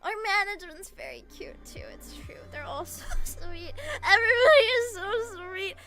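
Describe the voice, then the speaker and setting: A young adult woman streamer chatting casually with her chat, gushing and giggling often, swinging from soft mumbles to shrieks. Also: very high-pitched, animated, moderate pace, over music. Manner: gushing, giggly, frequent laughter.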